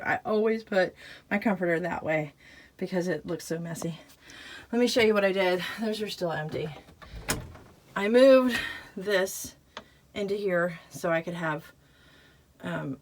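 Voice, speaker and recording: In a relaxed vlog filmed inside a small RV, a woman with a lowish voice talks to the camera as she does her chores. There's slight background noise, and she's chatty, laughs at herself and sounds out of breath.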